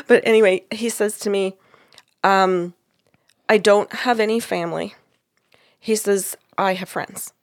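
A woman, a psychic medium, telling a story in casual conversation, animated and laughing often. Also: mid-range voice, unhurried, pauses often, dry recording, studio quality. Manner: animated, laughs often, quotes others in dialogue. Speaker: psychic medium, podcast co-host.

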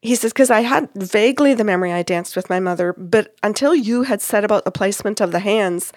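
Woman storyteller, casual chat, animated retelling with quoted voices; dry, close mic sound. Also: mid-range voice, normal speed, no echo. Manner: animated retelling, acting out quoted lines with laughs. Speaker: psychic medium recounting a reading.

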